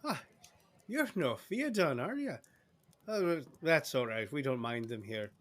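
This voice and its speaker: A man's voice: sits high, animated, normal speed, a bit bright, voice pushed up. A man voicing a rambunctious, red-headed barmaid who talks in a chatty, teasing southern drawl.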